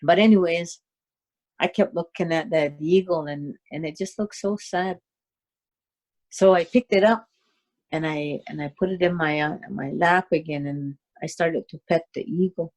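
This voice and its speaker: A woman telling a personal story in a halting, unhurried way, with many fillers and restarts. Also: low-pitched, steady tone, a little mellow. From Cayuga Nation, Six Nations of the Grand River, Canada.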